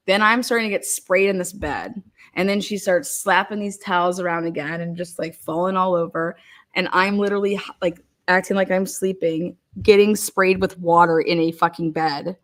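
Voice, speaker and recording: A woman telling stories in casual chat, swearing freely, laughing often and filling her talk with "like". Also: medium pitch. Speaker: online commentator. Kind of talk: casual profane storytelling.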